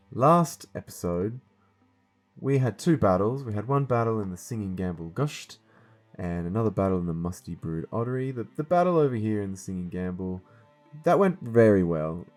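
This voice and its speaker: Deep-voiced man explaining a game. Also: very animated, moderate pace, darkish tone, soft background music. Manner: earnest, explaining step by step. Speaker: host of a voiced game series. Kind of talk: casual gameplay commentary to viewers.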